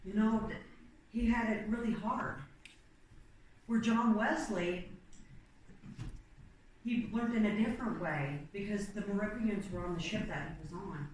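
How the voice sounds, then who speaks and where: A woman's voice: medium pitch, a little slow, pauses often, a little mellow. A woman giving an informal sermon at a church, telling stories in a conversational way and acting out quotes. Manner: conversational, storytelling with plain acted-out quotes and fillers. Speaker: church speaker. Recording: very echoey room, mic far off, faint noise.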